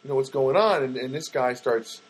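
A man's voice: medium pitch, moderate pace, slightly rough, rough recording. A man hosting a rambling comedic monologue, full of fillers and sarcastic asides. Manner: rambling, lots of fillers and self-corrections, sarcastic.

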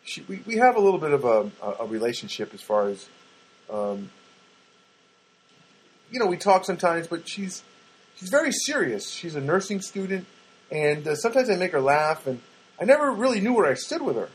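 A man's voice: on the high side, moderate pace, pauses often, husky, poor audio. A man hosting his own podcast, telling a meandering personal story with many restarts, recorded in a studio apartment. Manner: animated, meandering, self-interrupting. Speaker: podcast host. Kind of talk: rambling personal monologue.

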